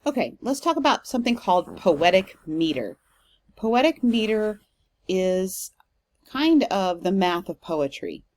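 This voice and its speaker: A woman's voice: medium pitch, sing-song, measured pace, a little mellow. A woman professor giving a recorded literature lecture, explaining step by step with frequent "um" fillers.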